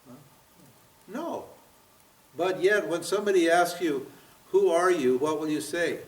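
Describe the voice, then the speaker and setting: A man's voice: fairly high pitch, measured pace. A man in his seventies giving a spiritual seminar lecture, pressing his listeners with rhetorical questions and frequent "huh?" and "what?". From United States. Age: 70s. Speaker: spiritual teacher. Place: seminar room at a yoga center. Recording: roomy, from far off.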